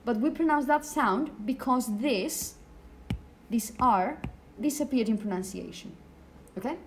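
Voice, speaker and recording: A woman giving a classroom lecture, explaining slowly and often checking in with the students. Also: fairly high pitch, slight background noise.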